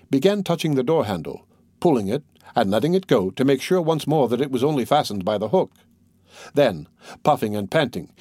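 A man reads a classic novel aloud in a steady, measured way, at a mid pitch. The recording is dry and close, with no room sound. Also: breathy edge, no room sound. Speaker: audiobook narrator. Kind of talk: scripted narration.

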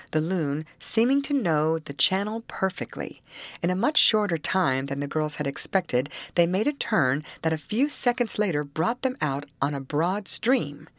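A woman reads a novel aloud in a measured storytelling manner. Her voice sits low but moves with a lively rise and fall, and the recording is dry with no room sound. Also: no echo. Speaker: audiobook narrator. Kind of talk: scripted narration.

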